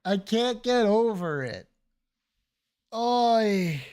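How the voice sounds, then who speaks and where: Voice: mid-range voice, expressive, extremely slow, darkish tone, smooth. A streamer chatting casually to viewers while gaming, joking around and swearing freely. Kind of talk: casual game stream chat.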